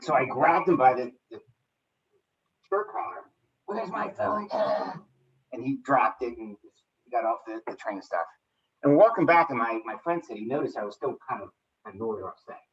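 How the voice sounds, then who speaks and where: A man's voice: mid-range voice, lively intonation, moderate pace. A man presenting at a seminar, telling personal stories in a conversational way, full of restarts and "you know". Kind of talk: casual anecdotal storytelling. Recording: distant, dull lo-fi recording.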